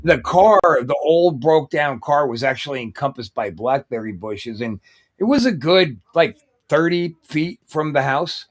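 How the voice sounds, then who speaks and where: A man's voice: on the high side, animated, unhurried. A man co-hosting a casual chat in a blunt, profane, skeptical way. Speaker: podcast co-host.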